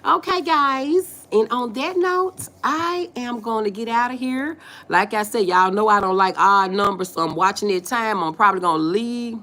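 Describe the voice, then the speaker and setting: A Southern-accented woman hosts a casual livestream, reading viewer comments aloud and answering them in a folksy, playful manner, laughing often. Her voice is on the high side, at normal speed with few pauses, and her delivery is animated.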